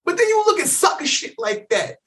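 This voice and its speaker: High, animated man telling a story. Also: a little fast, far from the mic, a crowd in the background. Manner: animated, profane, acts out quotes. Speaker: podcast co-host. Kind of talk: casual chat, storytelling.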